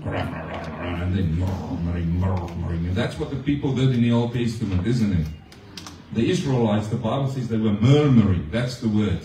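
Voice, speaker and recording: A man's voice: mid-range voice, expressive, brisk, mellow, distant mic, a little hiss or hum. A male pastor giving a conversational sermon to his congregation, often asking them questions. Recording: echoey room, speaker off-mic.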